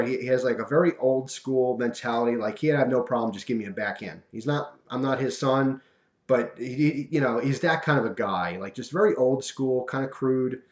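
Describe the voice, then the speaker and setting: A young man spins a long personal anecdote to the camera, rambling and animated, full of asides and fillers. His voice sits at a middle pitch, and the room around him is echoey. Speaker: storyteller. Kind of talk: casual storytelling vlog.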